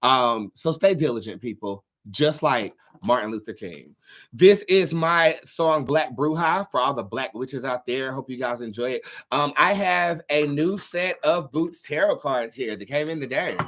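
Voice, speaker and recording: Campy, animated male tarot streamer. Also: mid-range voice, unhurried. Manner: animated, campy, swears freely, laughs often. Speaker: tarot reader and live stream host. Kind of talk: casual live stream chat.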